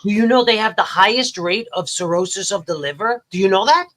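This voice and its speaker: An American man chatting casually as a podcast host, telling stories in an animated, exclaiming way. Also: sits high, fairly quick, noisy background. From United States.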